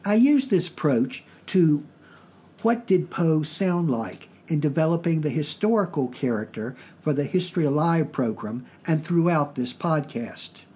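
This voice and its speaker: A man from Virginia with a Southern US accent, hosting a podcast and explaining things in plain, measured talk. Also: a little high, a little mellow, breathy edge. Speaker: podcast host.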